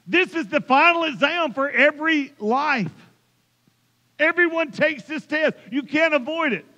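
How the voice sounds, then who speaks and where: A man's voice: extremely high pitch, expressive, measured pace, pushed and bright. A man preaching a sermon, emphatic and building to impassioned runs. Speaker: pastor. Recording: dull sound in a reverberant church hall.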